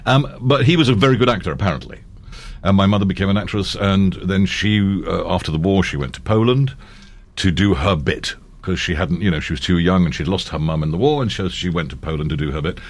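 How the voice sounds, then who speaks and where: Deep husky older man telling stories. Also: a little fast. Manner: rambling anecdotes, frequent restarts, laughs easily. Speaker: actor and voiceover artist guest. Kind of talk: casual interview chat.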